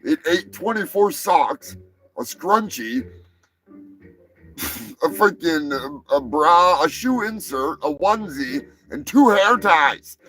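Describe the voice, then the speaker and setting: A man hosting a live comedy show, rattling off odd news stories with lots of swearing and sudden shouted bits. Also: a little high, lively intonation, takes it slowly, rough recording. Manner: profane, rowdy, breaks into shouting bits. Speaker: show host.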